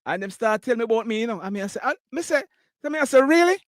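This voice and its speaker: High-voiced Jamaican man hosting callers. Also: racing, dry recording, clean studio sound. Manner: laughs often, mixes patois and English. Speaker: live news show host taking callers. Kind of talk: casual call-in chat.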